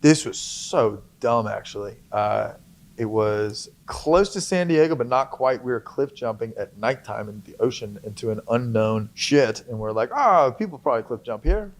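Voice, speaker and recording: A man's voice: on the low side, normal speed. A young man chatting as a guest on a podcast, jokey and playful, laughing often. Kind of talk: casual podcast chat.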